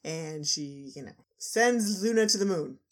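A woman's voice: deep voice, expressive, measured pace. Chatty woman recapping a cartoon. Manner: chatty, acts out quotes, many fillers. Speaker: podcast co-host. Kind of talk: casual episode recap chat.

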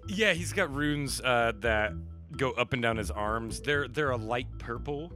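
A man's voice: mid-range voice, measured pace, bright, forceful tone, soft background music. A man narrating as game master, in loose, rambling narration and laughing often.

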